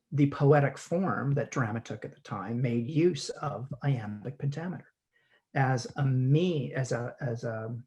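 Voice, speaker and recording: Give me a man speaking haltingly over a video call, stumbling over his words as he explains. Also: medium pitch, darkish tone. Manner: halting, frequent restarts and repeated words. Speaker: guest actor. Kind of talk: conversational teaching chat.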